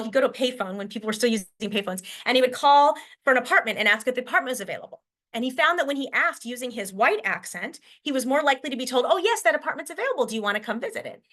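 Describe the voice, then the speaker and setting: A woman teacher from Washington State presents to fellow educators in a quick, bright voice pitched a bit high. She talks in a chatty way, thinking aloud with fillers and restarts. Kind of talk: conference presentation.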